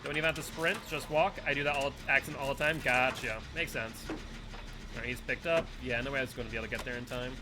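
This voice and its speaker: A man's voice: mid-range voice, fairly even intonation, fast talker, noisy background. A man giving casual running commentary while playing a game live and chatting with viewers and teammates. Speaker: streamer.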